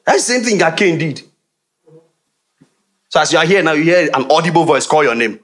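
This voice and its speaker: A middle-aged man with a Nigerian accent preaching a sermon in an animated, teasing way with frequent laughs. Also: fairly high pitch, fairly quick, pauses often. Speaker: pastor.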